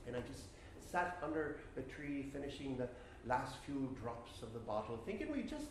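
In a college play, a young adult actor performs a live stage monologue as a rural Irishman, rambling chattily through a ghost story with nervous laughs. His medium-pitched voice is very animated and close to his everyday speech, at a moderate pace. The theatre sounds roomy, with a little hiss or hum.

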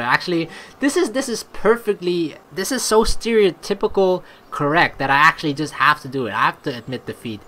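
A woman's voice: sits low, expressive, a little fast, few pauses, sharp tone. A woman doing a casual let's play commentary, reading game text aloud and joking and swearing as she goes. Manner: chatty, swears and laughs at own jokes.

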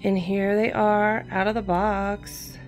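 A woman with a drawl talks slowly and fondly about each thing she bought. She chats casually and sometimes turns aside to speak to her cat. Quiet music plays faintly underneath. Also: mid-range voice, level tone. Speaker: crafting channel host. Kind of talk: casual haul show-and-tell.

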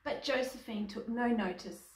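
A woman reading a picture book aloud to children, pausing to ask the young listener questions. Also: a little high. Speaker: storyteller. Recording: echoey room, distant mic.

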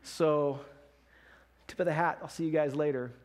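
A man's voice: fairly high pitch, steady tone, moderate pace, natural voice. A man voicing a fierce ancient warrior king who speaks bluntly and commandingly, in casual modern phrasing. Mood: sly.

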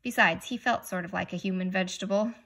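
Bright, gravelly woman reading aloud. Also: mid-range voice, fast. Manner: gentle, explaining to young listeners. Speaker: reader. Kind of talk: read-aloud storytelling with questions to a child.

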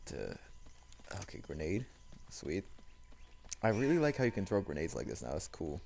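A man's voice: sits low, big pitch swings, moderate pace, vocal fry, darkish tone. A young man commenting casually on a game he is playing, swearing, joking and talking to himself. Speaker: gameplay commentator. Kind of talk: let's play commentary. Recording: game music behind the voice. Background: game music.

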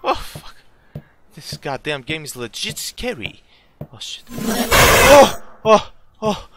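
A young man playing a horror game, talking to himself, swearing and yelling as jump scares hit. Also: high voice, sing-song, takes it slowly, over loud music. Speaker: gaming YouTuber. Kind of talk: horror game let's play commentary.

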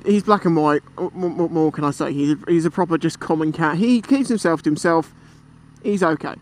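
A British man vlogging from a motorbike, telling a story in a chatty, animated way and swearing freely. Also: a little high, fairly quick. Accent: British English. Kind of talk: casual storytelling while riding. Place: on a motorbike outdoors. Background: traffic and engine noise.

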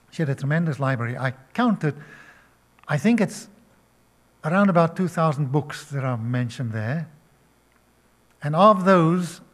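Brief: older male preacher, slow deliberate delivery, slightly high voice, asks pointed questions. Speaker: pastor. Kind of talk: sermon.

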